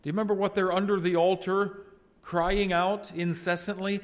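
A man preaching an expository sermon and reading scripture aloud, earnest, swelling loud on exclamations and dropping soft at line ends. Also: sits high, little pitch movement, moderate pace. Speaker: pastor.

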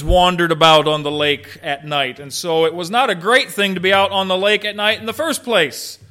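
Male preacher, bright forceful tone, dry humor in the sermon. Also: high-pitched. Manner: emphatic, rhetorical questions, dry humor. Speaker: pastor.

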